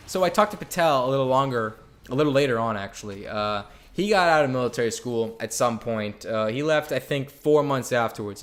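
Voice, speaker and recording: A man's voice: mid-range voice, fairly bright tone. Young guy rambling through a storytime vlog, swears a lot, medium voice, super candid. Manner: rambling, profane, candid, with many fillers. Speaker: vlogger.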